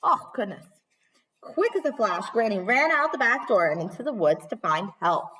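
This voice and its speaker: A woman teacher in her thirties reading a storybook aloud to young children, animated, gasping, calling them friends. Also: a little high, normal speed, far from the mic, slight background noise.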